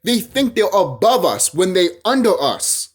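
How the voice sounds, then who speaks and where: Husky, heated ranting vlogger. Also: mid-range voice, big pitch swings, unhurried. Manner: heated, profane, repeats phrases and restarts. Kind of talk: ranting monologue to camera.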